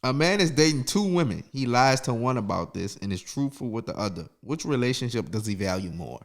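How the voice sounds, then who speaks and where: A man in his twenties hosting a podcast, chatting casually and teasing his guest with quick questions. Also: medium pitch, big pitch swings. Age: 20s. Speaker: podcast host.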